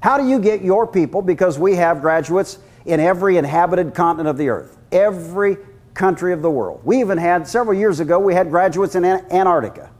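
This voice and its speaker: A man preaching a sermon, telling stories in an animated way and acting out the voices. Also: sits high, a little fast. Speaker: guest preacher.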